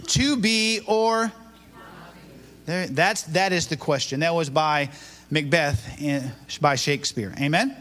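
Upbeat high-voiced preacher. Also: male voice, measured pace, fairly bright tone. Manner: upbeat, talks with the congregation, quizzes them, then prays. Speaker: bishop preaching. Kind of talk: sermon. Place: church before a live congregation.

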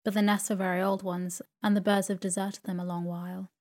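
A woman's voice: mid-range voice, flat delivery, a little fast, a little mellow, natural voice. Woman voicing a frail, helpless young mother in a storybook, faltering and meek, close to her own reading voice. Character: timid, fragile young widowed mother.

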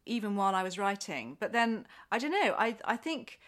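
This middle-aged author, appearing as a guest, tells stories in a casual chat, laughing often and restarting her sentences a lot. Her voice is medium in pitch and fairly quick, and she's an animated storyteller.

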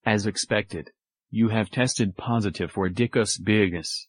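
A man in a voicemail impersonating a pompous male anti-doping official, with a stiff, deadpan delivery. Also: lowish voice, unhurried, husky, dry recording. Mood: mock-official. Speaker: caller.

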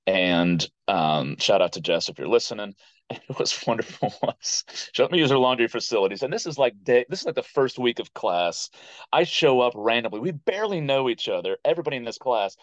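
An American man in his thirties, a podcast guest, telling stories in a casual and animated way. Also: mid-range voice, a little fast, no echo. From United States. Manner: animated storyteller who acts out quoted voices. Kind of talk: casual interview storytelling. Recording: dull, dry podcast audio.

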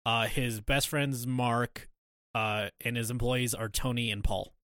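Laid-back young man, bright voice. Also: mid-range voice, steady tone, unhurried, no echo, studio quality. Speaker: podcast co-host. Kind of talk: casual chat.

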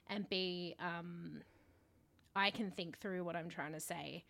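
A woman's voice: on the low side, fairly even intonation, slow pace, vocal fry, a bit bright. Candid, rambling woman podcaster. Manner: candid, rambling, swears freely. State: out of breath. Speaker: podcast co-host. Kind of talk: casual chat.

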